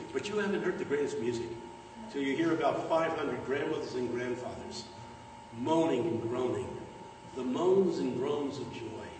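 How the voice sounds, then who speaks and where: A man's voice: medium pitch, background noise. A man preaching a humorous sermon in a large church, building up phrases with rhythmic repetition. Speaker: guest preacher. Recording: echoey church hall, distant mic.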